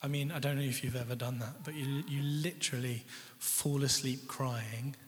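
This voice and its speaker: A man's voice: medium pitch, steady tone, moderate pace, slight background noise. A young man giving a candid, conversational personal testimony as a guest speaker in a church. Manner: candid, conversational, quotes others' words. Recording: long hall reverb.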